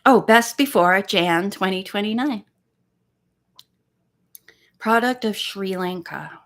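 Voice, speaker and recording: A woman's voice: mid-range voice, takes it slowly. A woman hosting a casual live stream, chatting in a rambling way and counting pages aloud. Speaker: live-stream host reading a book.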